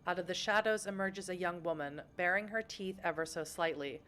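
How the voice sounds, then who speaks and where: A woman's voice: on the low side, a little fast, fairly bright tone. A young woman streaming a narrative game, reading its text aloud and chatting with her viewers between passages.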